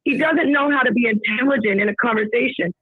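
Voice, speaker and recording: An insistent woman argues in a heated call-in debate, quoting scripture and demanding her turn to speak. Her high, husky voice comes through a thin, phone-like line. The sound is dry and close. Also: quick pace, no room sound. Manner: insistent, quotes scripture, pushes to be heard. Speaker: debate guest.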